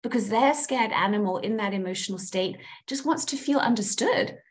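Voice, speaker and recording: A woman's voice: mid-range voice, moderate pace. A woman coaching a group on listening skills, animatedly acting out example phrases. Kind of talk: teaching a group session on listening.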